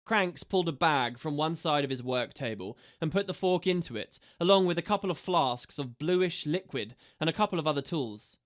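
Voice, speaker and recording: A man reading a fantasy audiobook aloud with steady, measured narration. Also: on the high side.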